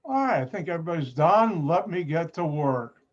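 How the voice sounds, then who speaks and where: A slightly high, expressive male voice moves briskly as this chemistry professor teaches online. He stays patient, repeats ideas, and adds playful asides. The recording is muffled lo-fi audio from a computer mic on a video call.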